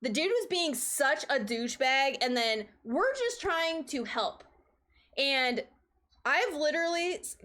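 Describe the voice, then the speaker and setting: A woman's voice: high-pitched, fairly bright tone. A woman streamer telling a story in a heated, profane, emphatic way. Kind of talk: casual storytelling rant.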